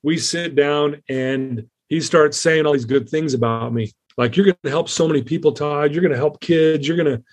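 A man speaking as an interview guest, slightly higher-pitched than most men. He tells his story earnestly and candidly, circling back with fillers and restarts as he goes. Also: normal speed, few pauses.

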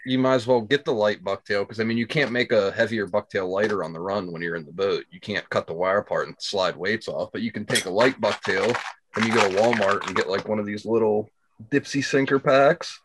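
A man's voice: on the low side, a little fast, noisy background. A man in casual podcast chat, explaining things in a matter-of-fact way. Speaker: podcast guest.

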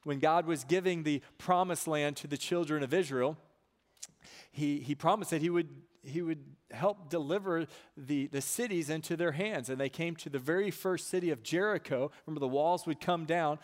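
A man's voice: a little high, normal speed. A man preaching a sermon as a pastor, emphatic and given to repeating words and asking "right?" of his listeners.

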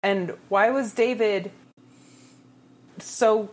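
A woman's voice: mid-range voice, fairly even intonation, very slow, a little mellow. A woman co-hosting a casual book podcast, thinking aloud and making dry, sarcastic asides. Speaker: podcast co-host. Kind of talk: casual book discussion chat.

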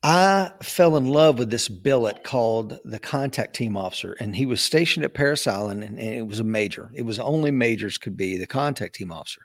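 A retired Marine officer, a guest in a casual storytelling interview, tells his own stories in a medium-pitched, slightly fast voice with hardly any pauses. He's an animated storyteller who acts out the voices of people he quotes.

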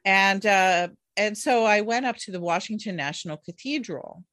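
Lively woman telling a story. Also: mid-range voice, normal speed, no room sound, clean studio sound. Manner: animated storyteller, laughs often. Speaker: author and guest. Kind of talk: storytelling interview. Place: in-person interview.

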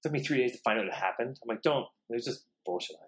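A man rattles through a story at high speed in casual chat. He swears freely and animates it by acting out each exchange. His pitch sits in an ordinary middle range. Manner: fast, profane, animated storytelling.

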